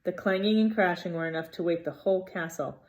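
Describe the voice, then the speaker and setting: A woman reading a novel aloud in an expressive, dramatic way. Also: lowish voice, fairly quick. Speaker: reader.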